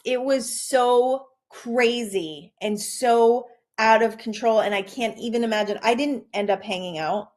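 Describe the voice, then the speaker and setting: A middle-aged woman hosting a personal-growth show, telling a story from her own life in a lively, conversational way and repeating key phrases for emphasis. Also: mid-range voice. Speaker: podcast host. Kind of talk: personal storytelling and self-help talk.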